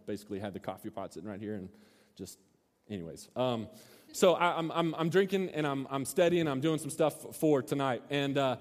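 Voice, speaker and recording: A man's voice: medium pitch, a little mellow. A man in his thirties preaching a casual sermon as a youth pastor, telling a story with many restarts and asides. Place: church hall. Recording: long hall reverb.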